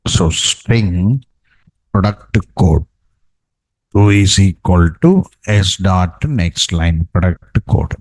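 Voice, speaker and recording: A man's voice: low-pitched, lively intonation, takes it slowly, darkish tone, no room sound, rough recording. A man teaching a programming class, dictating code and checking in with "no?" and "okay, right". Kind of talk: live coding lesson.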